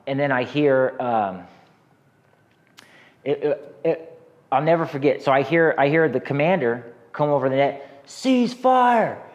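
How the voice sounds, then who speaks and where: An American man in his thirties telling a rambling, profane war story as an interview guest, with many restarts. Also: medium pitch. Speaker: guest, army veteran.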